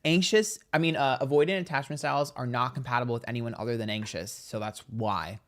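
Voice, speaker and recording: A man's voice: medium pitch, a little fast, a bit bright. Chatty gossipy man on a livestream. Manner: chatty and gossipy, acts out quotes, reads donations aloud. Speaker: psychic tarot livestream host. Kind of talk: casual livestream storytelling.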